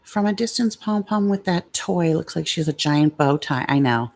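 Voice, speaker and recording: A woman's voice: sits low, lively intonation, normal speed, a little mellow. A middle-aged woman hosting a casual livestream, blunt and confrontational with commenters, swearing freely. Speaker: livestream host.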